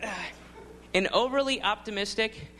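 High-voiced rambling man doing stand-up. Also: moderate pace. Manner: rambling, builds to excited yelling. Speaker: stand-up comedian. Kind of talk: stand-up storytelling. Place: comedy stage before an audience. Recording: live show with loud crowd noise.

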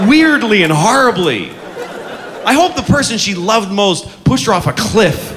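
Male stand-up comic, high and very animated rant; live in a reverberant hall with crowd and noise. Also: normal speed. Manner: ranting, incredulous, profane. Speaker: stand-up comedian. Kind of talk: stand-up comedy routine. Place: comedy venue stage.

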